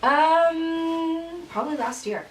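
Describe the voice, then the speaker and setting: A woman's voice: extremely high pitch, heavy background noise. Thoughtful young woman in casual chat. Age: 20s. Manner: thoughtful, measured, a little hesitant. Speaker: guest best friend. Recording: roomy echo, mic at a distance.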